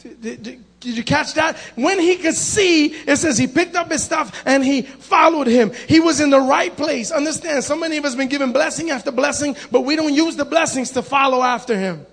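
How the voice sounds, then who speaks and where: A man preaching a sermon, animated, acting out the voices in his story and calling out to the congregation. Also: very high-pitched, moderate pace, vocal fry, hardly any pauses.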